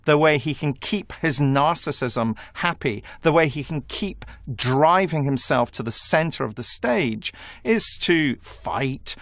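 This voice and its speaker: A man speaking as a prison expert in a documentary interview, measured and analytical. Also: fairly high pitch, expressive, a bit bright, dry recording, studio quality.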